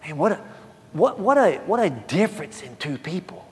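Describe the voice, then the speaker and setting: Folksy preacher man, animated, in a reverberant church. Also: a little high, normal speed. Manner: animated storytelling, swinging from hushed asides to loud emphatic quotes; folksy, repeats words at the start of phrases. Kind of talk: sermon. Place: church sanctuary. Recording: long church-hall reverb.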